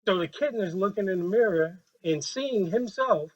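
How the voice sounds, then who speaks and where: A man leading a training workshop with a group, talking in a lively, joking way and acting out quoted voices on a handheld mic. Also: high voice, normal speed, low-quality recording.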